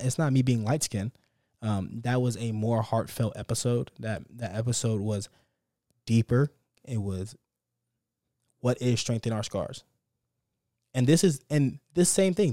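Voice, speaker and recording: A young man with a mellow, medium-pitched voice hosts his podcast on his own, talking into a close mic with no echo. It's a casual, heartfelt, unscripted monologue that stays upbeat and motivational while repeating itself.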